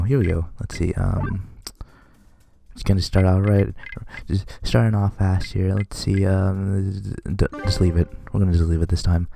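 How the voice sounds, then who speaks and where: A man's voice: low-pitched, gravelly, warm tone. A man casually commentating a game he plays, rambling and reading its text aloud. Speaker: let's play commentator.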